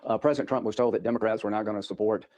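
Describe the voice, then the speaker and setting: Fast-talking, emphatic male senator. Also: on the low side, steady tone, a little mellow. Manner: emphatic, declarative. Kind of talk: TV interview answers.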